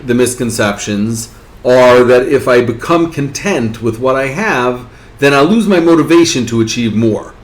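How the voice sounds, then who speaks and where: A man's voice: mid-range voice, animated, moderate pace. A man giving a spoken lesson, often asking his listeners "right?". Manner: rhetorical, keeps asking "right?". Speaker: teacher. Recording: echoey room.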